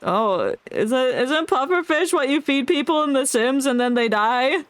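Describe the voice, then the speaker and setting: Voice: high-pitched, expressive, unhurried, a bit bright, clean tone, no room sound. Jokey streamer reading game text. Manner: jokey, reads dialogue aloud, laughs often. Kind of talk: casual gameplay commentary.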